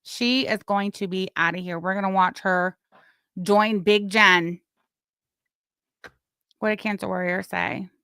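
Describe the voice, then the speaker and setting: A woman hosting a live stream, giving casual gossip commentary in a blunt, crude way with sudden loud, excited bursts. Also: mid-range voice, unhurried, pauses often, smooth, no echo, clean studio sound. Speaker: livestream host.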